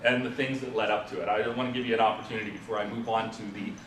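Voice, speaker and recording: A man's voice: steady tone, very fast, fairly bright tone. A man giving an informal conference presentation, talking the audience through a story and asking them questions. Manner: informal lecturing with fillers, asks the audience questions. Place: presentation room at a symposium. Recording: roomy, from a distant mic, faint rumble.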